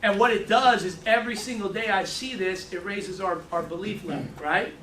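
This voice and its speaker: New male trainer, animated storyteller, high pitch, distant roomy sound with faint ambience. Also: moderate pace, a little hiss or hum. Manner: animated storytelling, repeats words. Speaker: financial services trainer. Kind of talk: training talk to a room. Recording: echoey room from far off.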